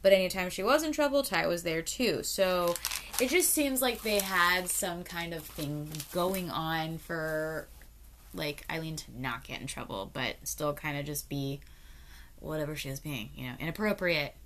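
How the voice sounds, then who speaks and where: A woman's voice: deep voice, lively intonation, unhurried, fairly bright tone, a little hiss or hum. A woman in her thirties telling a true crime story to camera in a casual, chatty way, full of fillers and swearing, and talking straight to her viewers. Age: 30s.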